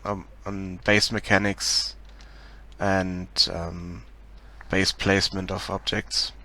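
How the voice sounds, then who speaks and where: Slow, halting German-accented man. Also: sits low, level tone, bright, forceful tone. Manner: hesitant, many ums and restarts, laughs shyly. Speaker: game developer streaming live. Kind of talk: casual live-stream commentary.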